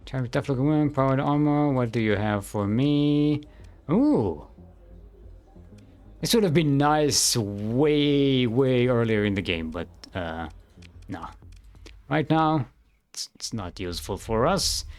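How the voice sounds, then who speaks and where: A man's voice: mid-range voice, expressive, a little slow, a little mellow, smooth. Man muttering through a game stream. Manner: thinks aloud, hums and mutters to himself. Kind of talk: casual gameplay commentary.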